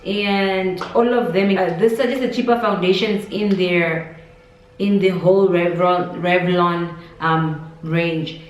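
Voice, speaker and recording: Slow-talking woman, roomy distant sound. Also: on the low side, steady tone. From Namibia. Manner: chatty, rambling, many fillers. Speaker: beauty vlogger. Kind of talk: casual makeup review vlog. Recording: roomy echo, distant mic, faint music.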